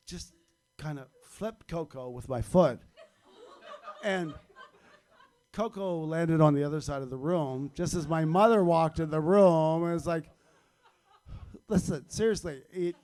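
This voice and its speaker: A man's voice: a little high, a little mellow. A man telling a darkly comic personal story on stage at a live storytelling event, wry and chuckling at his own punchlines.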